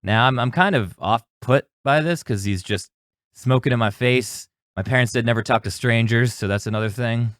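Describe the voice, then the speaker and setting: A man's voice: medium pitch, moderate pace, a bit bright, dry recording, clean studio sound. A young man hosting an advice podcast, telling a rambling, jokey story with some cursing. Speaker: podcast host. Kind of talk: casual solo storytelling.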